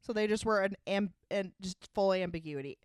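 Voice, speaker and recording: A woman co-hosting a podcast in casual chat, chiming in with quick jokes. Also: medium pitch, clear, resonant tone, no room sound, studio quality. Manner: quick joking interjections. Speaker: podcast co-host.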